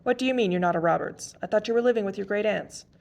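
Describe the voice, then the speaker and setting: A man's voice: sits high, quick pace, gravelly, pitched above the performer's own voice. A woman reading aloud and voicing a teasing, amused hooded male rider in a cheerful, mocking tone.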